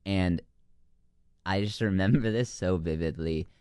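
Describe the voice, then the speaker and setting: A young man with a very deep, smooth voice tells a long story from his camp counselor days. His speech rambles and leans heavily on "like" and "um". The sound is dry and close. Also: a little slow, a little mellow, no echo. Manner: rambling, heavy use of "like" and "um". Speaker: guest, former camp counselor. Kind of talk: casual storytelling.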